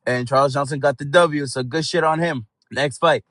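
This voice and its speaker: A man's voice: a little high, steady tone, normal speed, a bit bright, dry recording. A man giving a casual fight recap as a channel host, talking in a heated, profane, rambling way.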